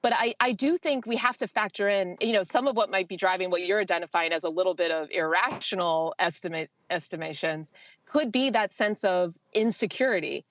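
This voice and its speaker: A woman in her thirties, an economist guest, explaining her view in a measured, thoughtful way. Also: on the low side, a bit bright, dull audio. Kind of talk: talk show interview.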